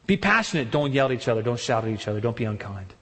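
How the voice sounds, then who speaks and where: A man delivering a sermon with strong, emphatic preaching. He leaps up in pitch when he mimics the excuses people make, then drops back to a mid-range voice. His words ring out with a long reverb, as if in a large sanctuary. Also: very animated, fast, a bit bright. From partly German heritage. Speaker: pastor.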